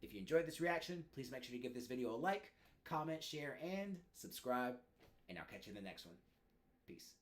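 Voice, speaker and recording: A man's voice: medium pitch, sing-song, brisk. A man hosting a reaction video, talking casually and upbeat between clips. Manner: upbeat, talkative, laughs often.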